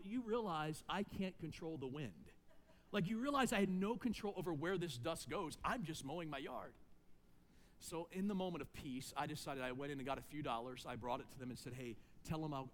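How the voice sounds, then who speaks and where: Male pastor, high voice, storytelling sermon with humorous asides, long hall echo. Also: a little fast, a little hiss or hum. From United States.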